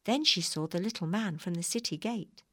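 A woman narrating a children's storybook in a calm, clear way. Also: on the low side, moderate pace, dry recording. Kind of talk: storybook reading.

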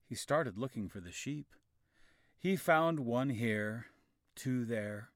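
Guy reading a kids story, slow and clear, close dry mic. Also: mid-range voice, expressive, dry recording. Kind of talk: storybook narration.

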